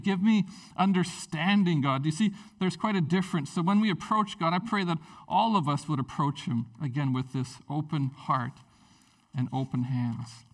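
Male pastor, conversational sermon, lively storyteller, slightly raised pitch, somewhat distant pickup. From Canada.

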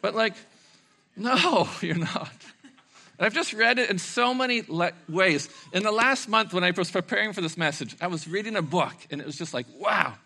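A middle-aged man, a pastor, preaching a sermon with animated storytelling, acting out voices and laughing along the way. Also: high voice, moderate pace, creaky.

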